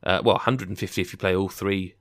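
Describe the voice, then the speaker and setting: A man's voice: sits low, steady tone, quick pace, a bit bright, no room sound, studio quality. A young English man co-hosting a podcast, chatting casually and rambling with jokey asides. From England. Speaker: podcast co-host.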